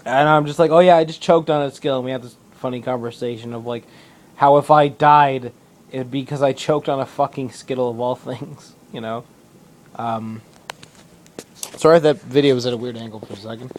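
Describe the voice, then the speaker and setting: A man's voice: medium pitch, fairly even intonation, a little fast, a little hiss or hum. A young man vlogging to camera indoors in a public building, rambling in a casual monologue, swearing a lot and restarting his sentences often.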